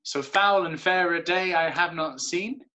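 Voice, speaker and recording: A man's voice: a little high, very animated, measured pace, pushed and bright, heavily acted. A man playing Macbeth as a character who knows he lives in a play, teasing and fond of reciting verse in an educational drama. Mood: knowing. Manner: knowing, lightly teasing, likes reciting verse.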